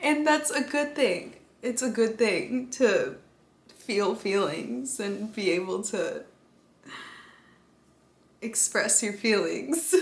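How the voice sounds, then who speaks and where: Young female vlogger, unhurried, giggles, swears offhand, gushes; echoey room sound. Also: mid-range voice, lively intonation. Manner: giggly, casual swearing, gushing. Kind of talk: casual vlog chat.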